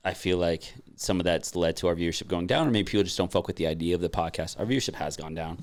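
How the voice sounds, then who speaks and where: Deep-voiced podcast guy, casual chat, lots of swearing and ums. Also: fast, darkish tone. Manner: loose and profane, frequent fillers. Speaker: podcast co-host.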